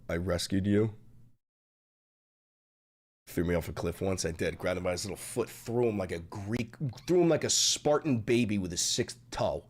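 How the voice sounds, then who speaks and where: Loud profane male livestream ranter. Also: sits low. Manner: loud, profane, mocking and combative. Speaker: livestream host. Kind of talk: profane political livestream rant.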